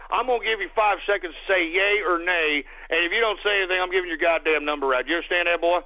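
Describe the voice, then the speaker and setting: Loud cursing radio host guy, higher voice, tinny phone-line sound. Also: quick pace, hardly any pauses. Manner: combative, profane, ranting. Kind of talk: call-in radio show.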